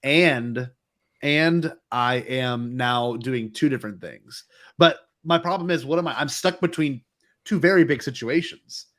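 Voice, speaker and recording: A man's voice: medium pitch, unhurried, fairly bright tone. A man chatting casually as a player in a tabletop game, eager and repeating himself. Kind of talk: casual role-play chat.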